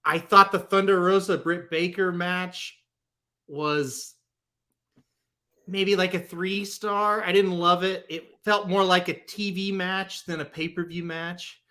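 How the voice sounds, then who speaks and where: A young man with a bright, forceful voice sitting a little high for a man. He hosts a relaxed podcast, talking eagerly and loosely with plenty of ums and quick laughs. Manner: chatty, enthusiastic recap with frequent ums and laughs. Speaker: podcast host. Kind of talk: casual podcast chat.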